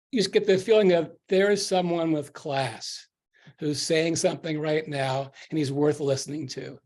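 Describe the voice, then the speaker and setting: A man's voice: fairly high pitch, a little mellow. A man from the audience, earnestly thanking the speakers and sharing a memory. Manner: earnest, grateful, reminiscing. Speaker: audience member. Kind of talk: casual comment in a video session.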